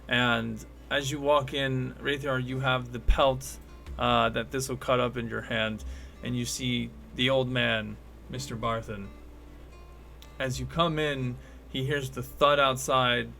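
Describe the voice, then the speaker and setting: Gravelly man narrating as game master. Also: mid-range voice, pushed and bright. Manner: loose, rambling narration full of fillers.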